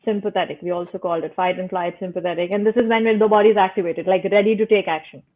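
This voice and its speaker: A woman guest calmly explaining how the body and nervous system work, using simple metaphors and checking in with "right?". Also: medium pitch, very fast. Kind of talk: casual explanatory talk. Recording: tinny phone-like call line.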